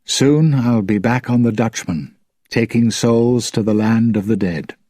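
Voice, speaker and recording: A man voicing a young sea captain, sad and steady, in a raised, earnest tone. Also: medium pitch, measured pace, dry recording, clean studio sound, natural voice.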